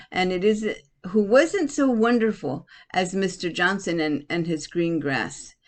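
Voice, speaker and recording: A woman voicing a cheerful elderly grandmother in a picture book read aloud, in a bright and pleased tone. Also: mid-range voice.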